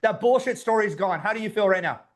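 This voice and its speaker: A man with a strikingly high voice runs a live online workshop. He pushes hard and sounds fired-up, and he swears casually as he urges people on. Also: lively intonation, fast. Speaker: business coach running a workshop.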